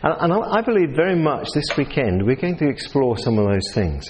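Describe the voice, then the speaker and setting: A man with a New Zealand accent delivers a sermon to a live audience. His pitch rises and falls a lot, and he often stops to put questions to the room. The voice rings out with a long hall reverb. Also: sing-song, brisk, darkish tone, a little hiss or hum. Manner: conversational, asks the audience questions. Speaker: preacher.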